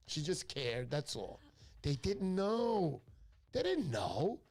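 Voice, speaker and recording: A man's voice: a little high, wildly swooping pitch, takes it slowly, creaky, a little mellow. A middle-aged man, hosting a fishing livestream in casual chat, joking and rambling through his stories. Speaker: fishing show host.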